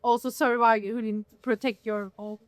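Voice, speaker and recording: A woman hosting a relaxed interview, chatty and teasing, laughing easily between questions. Her voice sits a bit high, recorded close and dry. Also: no echo. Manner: chatty, laughs often, quick teasing asides. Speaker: podcast host. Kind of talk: casual interview chat.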